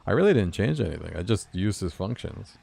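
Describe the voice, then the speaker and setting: A young man from California chatting casually with his viewers while he codes, quick to laugh. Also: low voice, sing-song, creaky, darkish tone, slightly rough, no room sound. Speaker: game developer streaming. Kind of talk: casual live-stream chat while coding.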